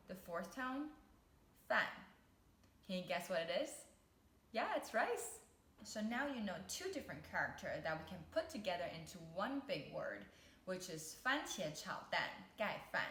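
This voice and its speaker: A woman's voice: medium pitch, a bit bright. A woman hosting her own cooking channel, chatting instructively and drawing out words as she teaches a recipe and some vocabulary. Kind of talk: cooking video and language lesson. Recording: echoey room with faint ambience.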